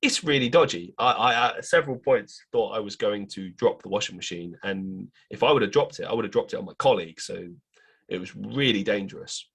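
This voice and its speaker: A man's voice: on the low side, brisk, gravelly, breathy edge. A young man hosting a podcast, telling a story in a casual monologue and acting out the people he quotes. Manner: animated retelling, quoting others in raised voices. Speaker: podcast host.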